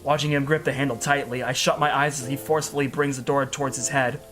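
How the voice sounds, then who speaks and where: A man's voice: mid-range voice, fairly even intonation, fast, fairly bright tone, faint music behind. A man giving an earnest, emotional first-person story narration as a storyteller.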